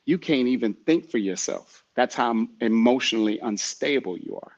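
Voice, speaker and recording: Here the motivational podcast host sounds animated, his medium-pitched voice a little mellow and moving at normal speed. He preaches and repeats himself while urging the listener directly, all in lo-fi sound.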